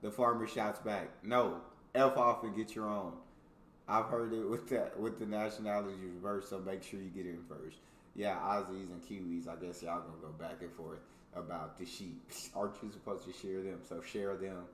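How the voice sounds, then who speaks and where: A man's voice: low voice, steady tone, moderate pace, a bit bright, reverberant, a little hiss or hum. Laughing American man reading jokes. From United States. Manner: laughs often, reacts loosely between readings. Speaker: reaction video host. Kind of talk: casual reaction commentary, reading jokes aloud.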